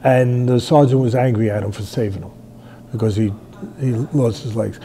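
Gravel-edged older man retelling fights. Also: medium pitch, steady tone, moderate pace, slight background noise. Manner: storytelling, acts out shouted quotes, rambling. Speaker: boxing trainer and show host. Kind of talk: animated fight analysis chat.

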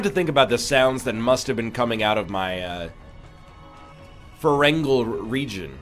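A man's voice: mid-range voice, expressive, moderate pace, fairly bright tone, faint music behind. A man with a congested, nasal voice, giving rambling, jokey commentary as he plays a game. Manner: rambling, jokey, tangent-prone. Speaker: gaming YouTuber. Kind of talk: let's play commentary.

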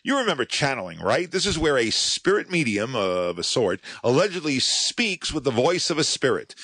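A man's voice: medium pitch, a bit bright, no room sound. A male podcast host delivering a scripted monologue as a sardonic, mocking storyteller.

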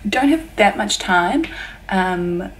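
A woman's voice: mid-range voice, lively intonation, slow pace, slight background noise. A young woman vlogging from her hotel room, chatting in a bubbly, gushing way to a handheld camera. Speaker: travel vlogger. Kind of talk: casual vlog chat.

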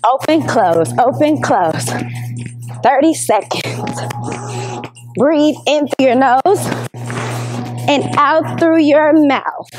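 A woman's voice: sits high, slow, music in the background. A woman teacher leading a televised exercise lesson, coaching and counting down between moves. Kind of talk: leading a workout class. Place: indoors, recorded for school television.

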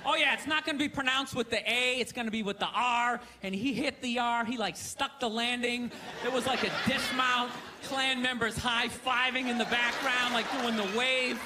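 A man doing a stand-up set in a theater, ranting loudly with sarcastic delivery. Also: very high-pitched, fairly even intonation, moderate pace. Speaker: stand-up comedian. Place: theater stage. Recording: live show with crowd laughter and noise. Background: audience laughter.

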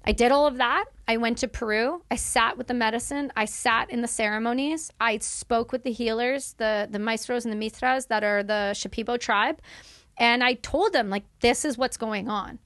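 A woman's voice: fairly high pitch, normal speed, fairly bright tone, no room sound, clean studio sound. A woman in her thirties from Canada, a podcast guest telling her story in candid, emphatic conversation. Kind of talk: casual conversation.

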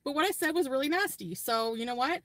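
A woman chats away in a loose, rambling vlog from inside her car. Her voice sits a little high. The sound is close and dry. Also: animated, fast talker, a bit bright, no room sound. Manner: rambling, chatty. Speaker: vlogger. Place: parked car.

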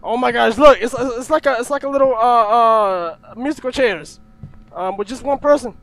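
A man's voice: high-pitched, brisk, a bit bright. A young man nervously commentating a horror game, jumpy, often swearing and yelping. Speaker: gaming YouTuber.

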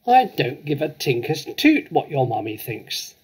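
A man's voice: medium pitch, big pitch swings, brisk, a little mellow, husky. A man reading aloud, voicing a huge, bullying headmistress who barks and bellows at a child. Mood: bellowing. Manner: barking, bellowing.

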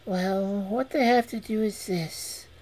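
A sly, well-mannered female cat from a storybook, as a woman puts her on. She speaks in a lifted, slightly breathy voice, unhurried and courteous. There is a quiet cleverness under the politeness. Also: mid-range voice, pitched above the performer's own voice, rough recording. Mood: instructing.

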